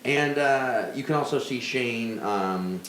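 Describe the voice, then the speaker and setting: A man's voice: mid-range voice, takes it slowly, reverberant, crowd noise. A man co-hosting a comedy podcast, bantering casually and making jokes. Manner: joking, puts on silly voices. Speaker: podcast co-host. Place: studio backyard, outdoors.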